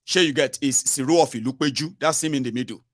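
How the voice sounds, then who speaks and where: A man's voice: mid-range voice, quick pace, dry recording, studio quality. A man with a Nigerian accent hosting a political call-in show, talking urgently and repeating himself, with lots of fillers and tag words. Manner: urgent, repetitive, fillers and tags like "oh" and "sure you get". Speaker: talk show host.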